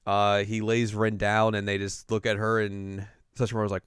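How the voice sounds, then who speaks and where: A man co-hosting a casual anime podcast, retelling each scene and slipping into quick silly voices for the characters. His voice is smooth and clear, recorded close on a dry mic with no room sound. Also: lowish voice, monotone, no echo. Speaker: podcast co-host recapping an anime. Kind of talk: casual recap chat.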